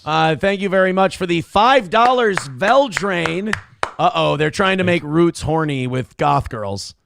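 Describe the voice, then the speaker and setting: A man with a gravelly, fry-edged voice hosts a loose morning show, joking and reading viewer messages out loud. His voice sits a touch high for a man. The sound is close and dry, with no room around it. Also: lively intonation, measured pace, no echo. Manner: wisecracking, reads chat messages aloud. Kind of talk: casual banter, reading viewer donations.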